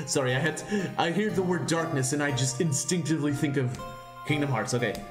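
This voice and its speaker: A man's voice: fairly high pitch, a little fast. A man streaming a game, making chuckling asides between read lines. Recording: roomy, with game music behind.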